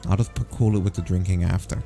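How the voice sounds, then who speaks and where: A man hosting a let's play, reading the game's text aloud with wry, deadpan asides. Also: deep voice, fast talker, soft background music.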